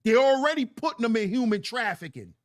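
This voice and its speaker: High, lively man preaching on a livestream. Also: fairly quick. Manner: preachy, emphatic, repeats lines for effect. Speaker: livestream host. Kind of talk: livestream commentary reading chat.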